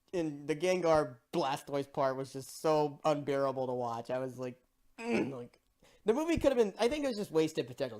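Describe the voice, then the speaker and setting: An excitable movie reviewer rants casually, swinging the pitch up and down a lot. The talk is exasperated and full of swearing and repeated "bro".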